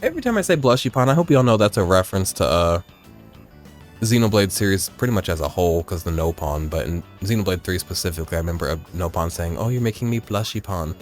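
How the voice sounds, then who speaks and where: Low-voiced, chatty gaming host. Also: male voice, animated, fast talker, soft background music. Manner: rambling, chatty, swears casually. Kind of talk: casual let's-play chat.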